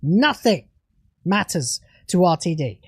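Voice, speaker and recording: High-voiced British man ranting profanely. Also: very animated, slow, breathy edge, no room sound, clean studio sound. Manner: profane, furious ranting that later cools to casual chat. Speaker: TV show reviewer. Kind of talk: livestreamed review rant.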